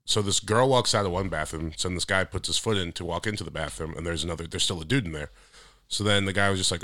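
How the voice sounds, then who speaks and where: A young man talks fast in a bright, forward voice, telling stories on a casual podcast. He grows animated and loud when a story heats up. His voice sits a little low. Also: dry recording, studio quality. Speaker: podcast co-host. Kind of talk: casual chat.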